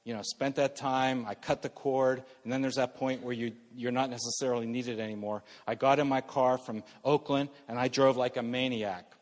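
A middle-aged male pastor preaching a sermon earnestly, moving between loud emphasis and soft, hushed passages. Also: medium pitch, fairly even intonation, moderate pace, few pauses, in a large hall.

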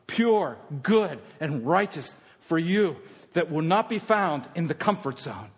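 A male pastor preaching a sermon, swinging from loud fervent passages to hushed, intimate ones. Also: on the high side, very animated, a little slow, breathy edge, long reverb tail.

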